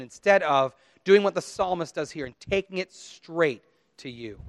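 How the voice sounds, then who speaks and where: A man's voice: on the high side, lively intonation, moderate pace, dry recording, studio quality. A middle-aged man, a pastor, preaching in a conversational way and acting out the inner voices of his listeners. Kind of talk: sermon.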